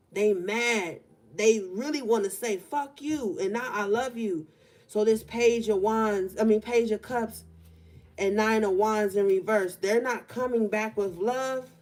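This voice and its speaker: A woman's voice: medium pitch, darkish tone. A young woman talking casually through a collective tarot reading, stretching out words for emphasis, in a room by an open window. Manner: casual, conversational, drawn-out emphasis. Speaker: tarot reader.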